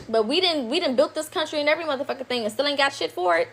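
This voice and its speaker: Indignant high-voiced woman ranting. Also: expressive, rapid-fire, a bit bright. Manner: indignant, emphatic, profane, repeats points. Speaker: woman in a played video clip. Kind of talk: heated monologue.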